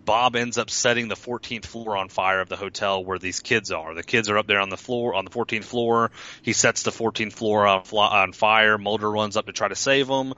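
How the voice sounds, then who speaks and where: A man's voice: fairly low pitch, normal speed, pushed and bright, lo-fi sound. A man casually recapping a TV episode as a podcast co-host, rambling with lots of fillers and restarts. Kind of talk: casual chat.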